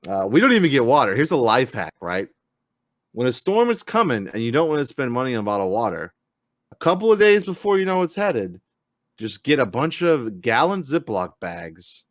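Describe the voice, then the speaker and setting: A man's voice: medium pitch, dry recording, clean studio sound. A man hosting a live-streamed gaming talk show, chatting loosely with lots of fillers and the odd swear word. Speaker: podcast host. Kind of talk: casual live-stream chat.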